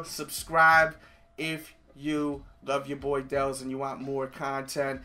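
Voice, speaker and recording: A man's voice: medium pitch, monotone, takes it slowly, pushed and bright. A man vlogging casually to camera, chatty and upbeat as he plugs his channel. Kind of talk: casual direct-to-camera pitch.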